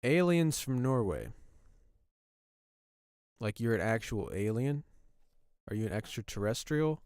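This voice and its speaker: A man's voice: medium pitch, animated, measured pace, darkish tone, clear, resonant tone, dry recording, clean studio sound. A man hosting a casual live stream, chatting with viewers in a rambling, easygoing way. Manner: chatty, rambling, talks to viewers while browsing. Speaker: livestream host.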